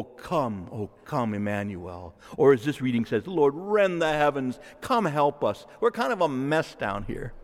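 A man preaching a homily in a church, moving between fervent outbursts and quiet, prayerful asides. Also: medium pitch. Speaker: priest. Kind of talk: sermon. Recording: long reverb of a church hall.

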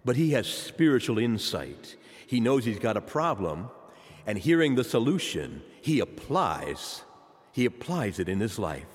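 A man preaching a sermon, addressing the congregation directly with impassioned delivery. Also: medium pitch. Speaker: pastor. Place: church sanctuary. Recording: long church reverb.

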